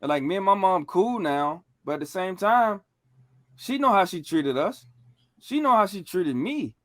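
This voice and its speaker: A man on a podcast telling stories in a casual, animated way, full of slang and profanity. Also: sits high, moderate pace, no echo, clean studio sound. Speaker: podcast co-host.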